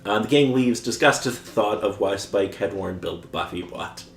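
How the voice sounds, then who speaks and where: A man's voice: on the low side, brisk, gravelly, roomy sound. A man co-hosting a podcast, recapping a show's plot in casual chat and chuckling often as he goes. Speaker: podcast co-host recapping episodes.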